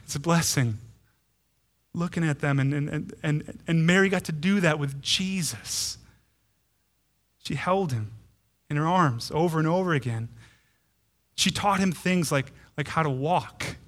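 A man in his thirties, a pastor preaching a sermon with animated emphasis and frequent repeated words. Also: a little high, measured pace, long pauses.

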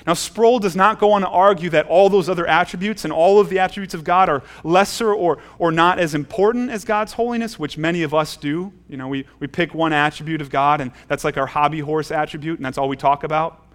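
A man's voice: a little high, brisk, few pauses. A middle-aged male pastor preaching a sermon in a church, earnest, often repeating words as he restarts his phrases. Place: church sanctuary.

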